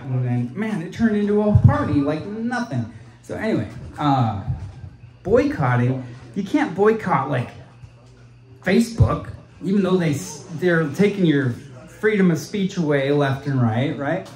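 Rambling high-voiced stand-up man, echoey room. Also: very animated, moderate pace, a little mellow. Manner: loose, meandering, swears a lot. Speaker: stand-up comedian. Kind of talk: rambling open-mic stand-up. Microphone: handheld stage microphone.

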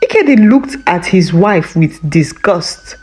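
A woman with a Nigerian accent narrating a scripted folktale in an expressive, sing-song way. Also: lowish voice, a little slow, rough recording. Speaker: storyteller.

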